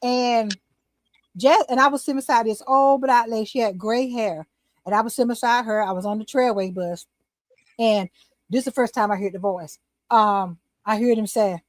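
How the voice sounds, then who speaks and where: Older woman telling a lively testimony. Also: a little high, moderate pace, no echo. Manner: animated testimony storytelling. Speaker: talk show host, guest. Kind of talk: casual chat, storytelling.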